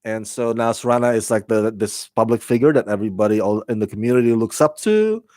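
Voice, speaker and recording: A man's voice: on the low side, fast, darkish tone, no room sound. A man reviewing a TV episode in casual chat, rambling with many restarts and fillers and laughing at his own slips. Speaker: TV show reviewer.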